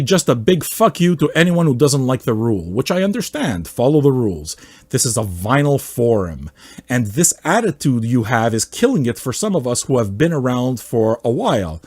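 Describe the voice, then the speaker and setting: A man hosting a music podcast, ranting casually and swearing a lot, swinging from loud mocking outbursts to low muttering. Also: dry recording. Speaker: podcast host. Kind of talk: casual profane rant.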